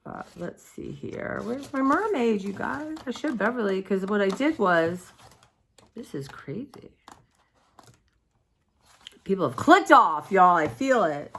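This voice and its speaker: A woman's voice: mid-range voice, lively intonation, slow pace, pauses often, a bit bright, slight background noise. A woman, rambling chattily to her viewers in a casual art vlog. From United States. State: sore throat. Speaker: vlogger.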